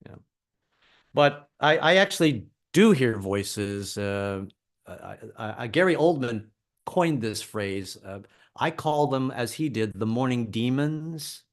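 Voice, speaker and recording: A man's voice: mid-range voice, animated, takes it slowly. A middle-aged man doing a stand-up comedy set, wry and self-deprecating.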